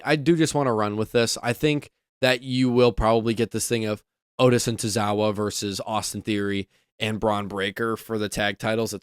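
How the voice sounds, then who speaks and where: A man's voice: on the low side, a bit bright, clear, resonant tone, dry recording, clean studio sound. A man giving a casual, opinionated wrestling review, rambling with lots of fillers. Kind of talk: casual commentary.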